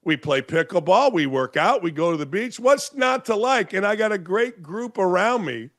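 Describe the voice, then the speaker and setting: A male talk show host rants with sarcasm, firing off rhetorical questions. His voice sits a bit high for a man. The room sound is dry and close. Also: sing-song, normal speed, a bit bright, no echo. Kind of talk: opinionated commentary monologue. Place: home studio in Florida.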